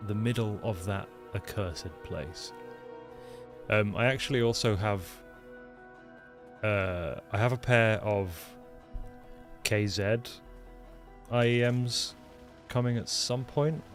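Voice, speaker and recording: A man's voice: on the low side, takes it slowly, pauses often, faint music behind. An English man with a mixed, mostly Lincolnshire accent, chatting loosely as he streams a game, full of ums and restarts. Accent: mixed English, mainly Lincolnshire. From England. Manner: rambling, self-deprecating, frequent ums and restarts. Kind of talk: casual livestream chat while playing. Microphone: desktop microphone.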